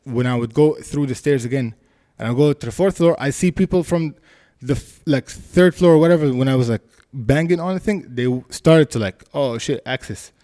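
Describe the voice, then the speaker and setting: A man telling a story in casual podcast chat, animated and laughing, acting out voices. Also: mid-range voice, a little fast, hardly any pauses.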